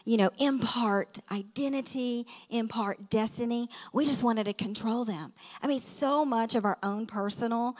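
A middle-aged woman tells stories from the pulpit in a chatty, conversational way, leaning on asides and rhetorical questions. Her voice sits a little on the high side. The long reverb of a large hall trails after her words. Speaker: guest speaker. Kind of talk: storytelling sermon.

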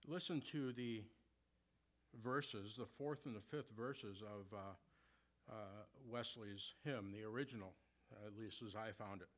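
A man preaching a sermon who asks his listeners rhetorical questions and reads scripture slowly and deliberately. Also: on the low side.

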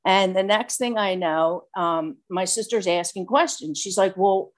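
A woman casually telling a personal recovery story in an animated, chatty way, full of fillers. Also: lowish voice, unhurried. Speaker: speaker sharing a recovery story.

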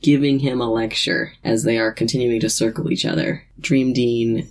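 A woman's voice: extremely low pitch, steady tone, moderate pace, a little mellow. A woman retelling a TV episode in casual chat, playfully acting out the lines. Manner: playful, lots of acted-out quotes.

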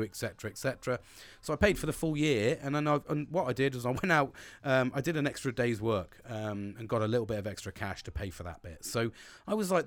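Man, solo podcast host, rambling and candid, frequent swearing, middle pitch, dry close sound. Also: no room sound. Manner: rambling and candid, heavy swearing, many restarts. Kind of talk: casual solo podcast monologue. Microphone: own podcast microphone.

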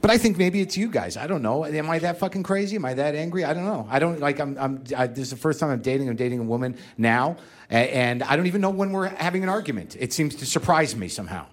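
Guy doing a stand-up rant, kinda high voice, mutters then yells, mocks himself. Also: animated, fast talker. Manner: ranting, self-mocking, swings between mutter and shout. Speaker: stand-up comedian. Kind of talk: stand-up comedy routine.

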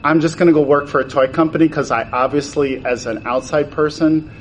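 Animated man telling stories. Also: on the high side, brisk, slight background noise, poor audio. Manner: acts out quoted exchanges with voice changes. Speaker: toy designer guest. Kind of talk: animated storytelling in conversation.

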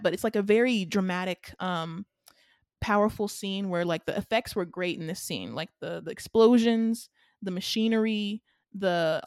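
A woman co-hosting a casual chat, recapping a film in an animated, rambling way with lots of fillers. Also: mid-range voice, dry recording, clean studio sound. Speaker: podcast co-host.

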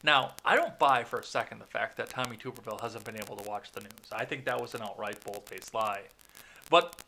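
A man's voice: medium pitch, fairly quick, vocal fry, bright, forceful tone, slight background noise. A man hosting a podcast of casual political commentary, reading news articles aloud and reacting bluntly with lots of swearing. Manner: profane, blunt, reads news articles aloud then rants. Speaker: podcast host.

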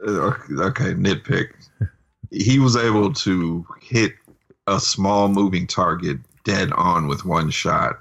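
A man's voice: low-pitched, slow, creaky, fairly bright tone, slightly rough. A man co-hosting a casual podcast, adding dry nitpicking remarks about a movie. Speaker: podcast co-host.

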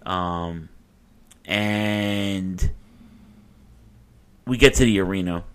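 A man's voice: sits low, extremely slow, a bit bright, clear, resonant tone. A man co-hosting a casual chat, telling a story with plenty of swearing and animation. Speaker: podcast co-host telling a story.

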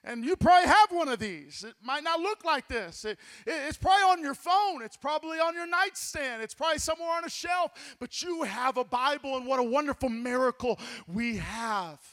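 Fervent high-voiced male preacher. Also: expressive, fairly quick, few pauses. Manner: fervent preaching that builds to shouting, with repeated words. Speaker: pastor. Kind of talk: sermon.

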